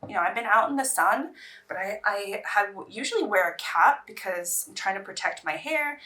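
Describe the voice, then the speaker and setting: A woman's voice: medium pitch, expressive, moderate pace, sharp tone, recorded from a distance. A woman beauty vlogger in casual get-ready-with-me chat, rambling and anxious as she talks.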